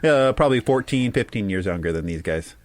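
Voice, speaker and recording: A man's voice: fairly low pitch, expressive, fast talker, no echo. A man co-hosting a podcast in easygoing casual chat, often trailing off. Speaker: podcast co-host.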